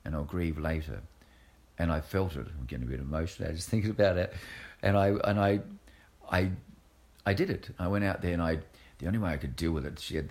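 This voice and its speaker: A man from Australia, a guest entertainer telling stories in a casual interview, acting out voices as he goes. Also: low voice. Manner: animated storyteller, acts out voices.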